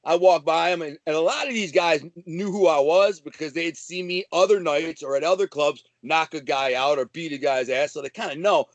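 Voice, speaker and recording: A man from Detroit with a notably high voice spins swaggering stories as a guest, talking casually and bursting into animated, profane asides. The sound is close and dry, with no room around it. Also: a little fast, hardly any pauses, no echo. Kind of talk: casual storytelling.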